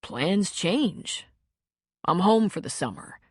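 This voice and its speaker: A woman's voice: fairly low pitch, sing-song, takes it slowly, slightly rough, no echo, clean studio sound, full character voice. A woman reading an audiobook, voicing a remorseful young man who pleads and apologizes to his ex. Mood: pleading.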